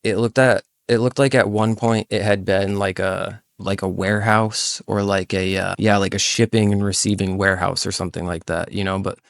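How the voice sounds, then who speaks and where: A man with a low, gravelly voice tells a long story casually, swearing freely and leaning on "like" as he goes. He voices his friends' lines as he quotes them. The sound is dry and close, with no room around it. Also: level tone, moderate pace, hardly any pauses, dry recording. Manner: profane, rambling, lots of "like". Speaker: livestream host.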